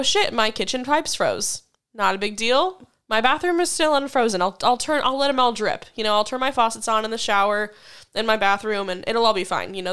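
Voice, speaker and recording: A young woman swears freely and tells her story with animated energy in a relaxed chat. Her voice sits a bit higher than most. She laughs easily as she talks. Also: smooth. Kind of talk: casual chat.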